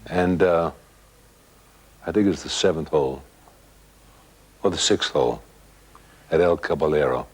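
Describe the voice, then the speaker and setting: A man's voice: very deep voice, measured pace, pauses often, breathy edge. An older man telling a ghost story as a talk show guest, acting out the other people's voices. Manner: dramatic storyteller, acts out voices. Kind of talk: storytelling in an interview.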